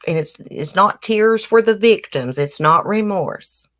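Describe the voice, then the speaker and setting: A woman's voice: medium pitch, animated, a little slow, a bit bright. A woman hosting a casual livestream, reading news aloud and giving blunt, opinionated commentary to her viewers while nursing a toothache. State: toothache, swollen face. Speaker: livestream host.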